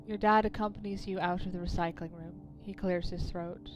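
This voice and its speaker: A woman's voice: lowish voice, steady tone, a little fast, rough recording. A woman streamer reading a narrative game aloud, with wry, swearing asides to her chat. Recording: game music behind voice.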